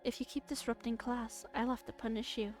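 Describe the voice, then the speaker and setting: A woman gives voice to a cold female teacher whose quiet words carry a threat. The voice sits a touch high, with soft music faintly behind it. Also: steady tone, fairly quick, lightly acted. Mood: soft menace.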